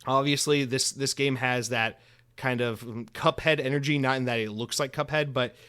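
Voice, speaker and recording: A man's voice: medium pitch, steady tone, normal speed, a bit bright, clear, resonant tone. Rambling, profane male podcast host. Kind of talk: casual solo podcast monologue.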